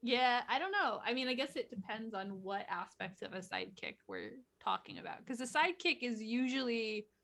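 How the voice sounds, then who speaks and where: A woman's voice: on the high side, big pitch swings, normal speed, creaky, few pauses, fairly bright tone. A woman guesting on a casual livestream chat, thoughtful and wry as she talks through ideas.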